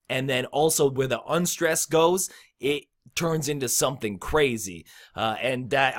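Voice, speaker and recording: A man's voice: medium pitch, a bit bright. A young man casually explaining rap rhyme schemes in a laid-back, slangy way, with lots of ums and "you know". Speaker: rap tutorial host. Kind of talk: casual instructional talk.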